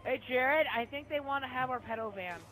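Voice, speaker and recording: A young man trades crude, rambling banter with a friend over a co-op game. His voice is high and bright, with a sharp edge. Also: brisk, a little hiss or hum, rough recording. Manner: crude, swears a lot, rambling. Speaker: co-op gaming partner. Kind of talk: casual co-op let's play chat.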